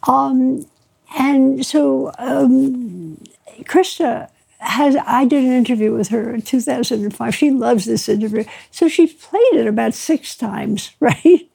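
Woman author, warm mid-high husky voice, animated storyteller who laughs through her tales. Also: slow pace. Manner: lively raconteur, mimics dialogue, laughs often. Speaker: author being interviewed. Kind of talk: anecdotal storytelling.

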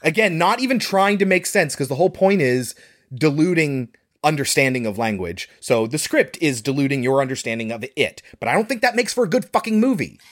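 A man's voice: fairly high pitch, big pitch swings, a little fast, a bit bright. A man co-hosting a film podcast in casual chat, retelling scenes sarcastically and swearing freely. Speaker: podcast co-host reviewing a film.

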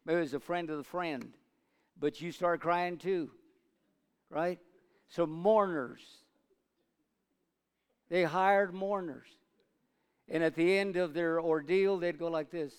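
A male preacher delivering a sermon, swinging between loud urging and low asides and calling for amens from the congregation. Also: fairly even intonation, takes it slowly, pauses often, smooth. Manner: call-and-response with congregation. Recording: long reverb of a large hall.

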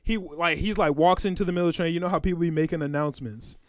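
A young man co-hosting a podcast, telling stories in a lively, slangy way and acting out the sounds and voices in them. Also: a little high, very fast, dry recording, studio quality. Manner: animated, slangy storyteller who acts out voices and sounds. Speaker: podcast co-host. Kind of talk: casual storytelling chat.

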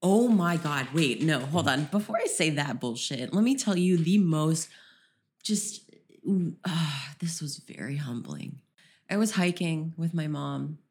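A woman's voice: low-pitched, animated, measured pace, a little mellow, breathy edge. A young woman co-hosting a podcast, telling a rambling story in casual chat, with many "um"s and "you know"s. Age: young adult. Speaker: podcast co-host.

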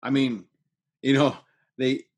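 A man's voice: medium pitch, steady tone, slow, husky. A man chatting casually about a movie, agreeing often and laughing easily. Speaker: podcast co-host. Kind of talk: casual movie review chat.

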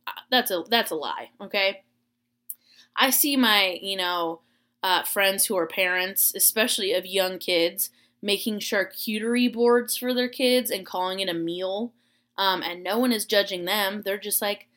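A young teacher from Florida rambles through a personal story in a relaxed vlog, her mid-range voice bright and clear. Her manner is chatty and self-deprecating, with many "uh" and "um" fillers in the gaps.

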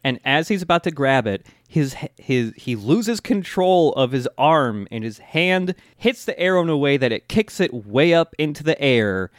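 A man's voice: on the high side, lively intonation, dry recording. Jokey man, dry close sound. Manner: jokey, swears casually, quick agreeing. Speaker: podcast co-host. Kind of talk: casual anime recap chat.

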